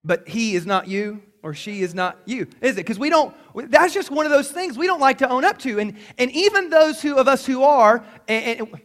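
A man preaching a sermon to a congregation, lively and conversational, acting out little voices as he tells the story. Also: very high-pitched, normal speed, few pauses. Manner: animated, acts out voices in quotes. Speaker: pastor.

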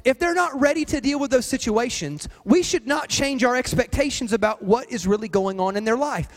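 A man with an unusually high voice delivers a sermon from the pulpit. He leans on repetition and emphatic phrasing. His words ring out into a long, echoing church hall. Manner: emphatic, repetitive preaching cadence. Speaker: pastor.

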